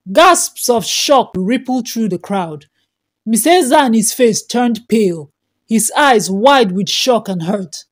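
A woman narrating a folktale in an expressive, dramatic storytelling style. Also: medium pitch, a little slow.

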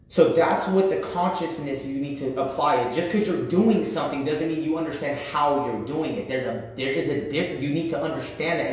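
On a livestream in a very echoey room, a man in his thirties talks casually with blunt profanity, street slang, and lots of repetition. His voice leans high and a little mellow.

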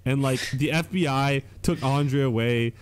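A man's voice: medium pitch, unhurried, slight background noise. A young man co-hosting a casual podcast, swearing a lot and bantering loosely. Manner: profane, animated banter. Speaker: podcast co-host. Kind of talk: casual chat.

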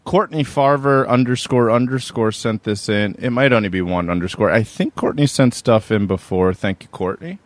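Man, podcast co-host, mid pitch, dry close mic, wry asides. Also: moderate pace, few pauses, no room sound. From Maryland. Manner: wry, reads news stories aloud with jokey asides. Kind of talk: casual comedic chat.

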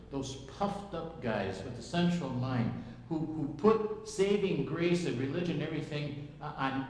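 Slow folksy Wisconsin preacher. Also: male voice, mid-range voice. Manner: folksy, plain-spoken storyteller. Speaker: pastor. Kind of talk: sermon with personal stories. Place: church sanctuary. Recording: echoey church hall, faint room noise.

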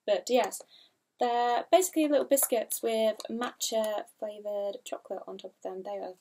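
A woman's voice: fairly high pitch, moderate pace, dark tone, a little hiss or hum. Chatty young woman vlogging. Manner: chatty, rambling, giggly, unsure of product names. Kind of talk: casual haul video.

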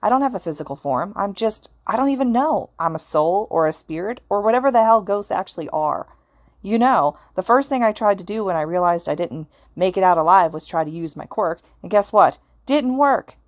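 Brief: a woman playing a snappish teen ghost boy, raised and loud, frantic, dry close audio. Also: medium pitch, lively intonation, fairly quick, no echo, lightly acted. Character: agitated teenage boy ghost, sharp-tongued.

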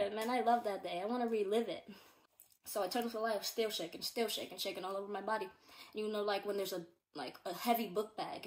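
A teenage girl at home giving a casual personal testimony, earnest and rambling, with many fillers and repeats. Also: medium pitch. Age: teens. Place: at home in a bedroom.

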